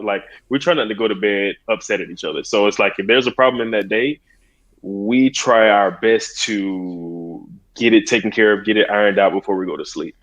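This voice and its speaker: Podcast guest, man in his thirties, earnest and rambling, low-pitched voice, slightly dull lo-fi recording. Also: moderate pace. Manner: earnest, rambling, frequent "like" and "so it's like". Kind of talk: casual conversation. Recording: dull lo-fi sound.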